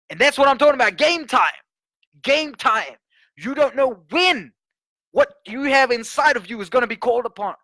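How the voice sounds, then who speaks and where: A man preaching a sermon, telling a story with animated voices and building to emphatic points. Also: high-pitched, dry recording. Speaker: guest preacher.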